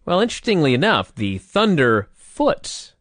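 A man co-hosting a podcast, chatting about old wrestling in a jokey, animated way. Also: fairly high pitch, normal speed, no echo. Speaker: podcast co-host. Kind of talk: casual wrestling review chat.

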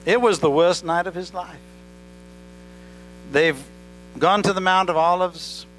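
A pastor with an accent preaching a sermon in church, talking directly to the congregation and asking them questions. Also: male voice, sits high, measured pace, a bit bright, low-quality recording. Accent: non-native English accent. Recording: faint mains hum. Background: mains hum.

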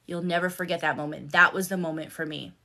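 Blunt, bright-voiced woman telling a story. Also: lowish voice, steady tone, quick pace, gravelly. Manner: blunt, profane, emphatic. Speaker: life coach and content creator. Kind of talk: casual live-stream storytelling. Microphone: phone.

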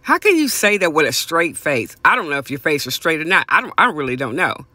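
A man hosting a podcast, delivering a passionate, profane opinion rant that repeats phrases for emphasis and swings from high exclamations to low mutters. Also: very animated, a little fast, sharp tone, dry recording. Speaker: podcast host. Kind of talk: ranting opinion monologue.

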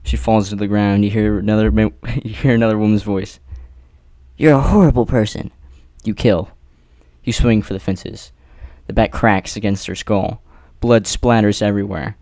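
A man narrating an adventure story in the second person, with theatrical pauses and rhetorical questions. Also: fairly low pitch, little pitch movement, darkish tone, no echo. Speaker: narrator reading an AI-written adventure.

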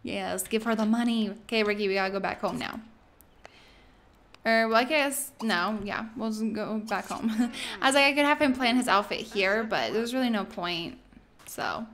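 A woman hosting a let's play, chatting excitedly through casual gameplay commentary with lots of "like". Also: a little high, normal speed.

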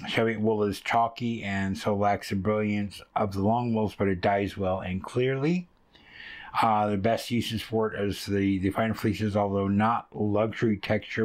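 Relaxed low-voiced man hosting a fiber tutorial. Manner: relaxed, rambling, many ums and uhs. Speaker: fiber arts channel host. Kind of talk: casual hands-on fiber tutorial.

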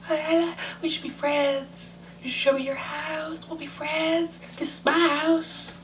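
A squeaky, creepy fox. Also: male voice, flat delivery, measured pace, a bit bright, far from the mic, a little hiss or hum. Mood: creepy sweet. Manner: squeaky sing-song, then husky breathy threats. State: tipsy. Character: creepy high-voiced male fox, menacing and unhinged.

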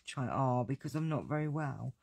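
A woman chats away while she makes a craft project, joking about herself and laughing often. Her voice has a lot of gravelly fry. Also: a bass voice, moderate pace, a little mellow, slight background noise. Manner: chatty, self-deprecating, laughs often. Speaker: crafting video host. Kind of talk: casual live crafting chat with viewers.

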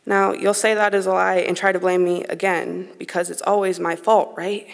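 A teenage girl performs spoken word poetry, her voice carrying a gravelly vocal fry. Her delivery is earnest and emotionally raw. The sound rings with the long reverb of a concert hall. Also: fairly low pitch, level tone, normal speed. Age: late teens. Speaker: high school slam poet.

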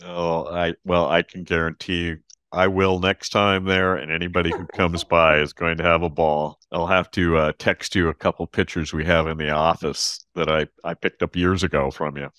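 A man hosting a podcast interview, friendly and halting, with many restarts. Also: sits low, level tone, a bit bright, clear, resonant tone, no room sound, studio quality. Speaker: podcast host. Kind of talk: casual interview chat.

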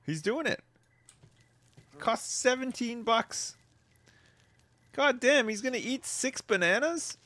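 A man giving casual, wry commentary while playing a life-sim game, laughing often and swinging between amused outbursts and low mutters. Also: expressive, slow, long pauses, sharp tone, no echo.

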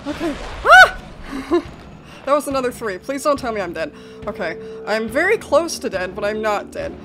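This young woman, a gaming video host, has an animated mid-range voice and talks fairly quickly while commenting on a horror game. Jumpy and panicked, she keeps breaking into nervous laughter over the game's music.

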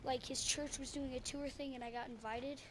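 A woman's voice: high-pitched, fairly even intonation, brisk, very noisy. A woman telling a story casually to camera, rambling and full of ums and self-corrections, on a headset mic. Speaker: video creator.

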